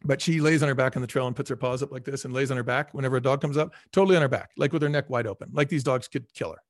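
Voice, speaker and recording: Fast-talking animated man. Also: medium pitch, no room sound, clean studio sound. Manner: animated storyteller, acts out quoted dialogue. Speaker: former restaurant chain CEO, guest. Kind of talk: casual podcast interview.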